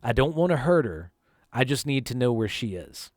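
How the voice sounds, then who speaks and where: A man voicing a menacing young male redneck who swears and threatens, a bit lower than his own voice. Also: very animated, normal speed, a little mellow, no echo, clean studio sound, close to an everyday voice.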